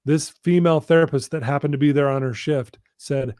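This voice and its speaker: Coach guy telling his story, earnest and slow on the big lines, kinda high voice, dry sound. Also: fairly even intonation, darkish tone, no echo. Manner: earnest, drawn-out emphasis on key lines. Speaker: guest, personal-development coach. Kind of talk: storytelling in a live interview.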